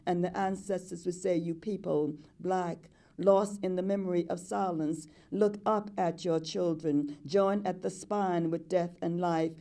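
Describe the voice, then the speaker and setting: A woman's voice: fairly low pitch, fairly even intonation, a little slow, few pauses, dark tone. An older woman performing spoken-word poetry in a rhythmic, incantatory way, chanting repeated refrains. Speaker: poet.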